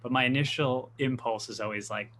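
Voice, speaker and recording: Man, podcast co-host, teasing, halting, faint hiss. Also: medium pitch, steady tone, a bit bright. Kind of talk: casual podcast chat.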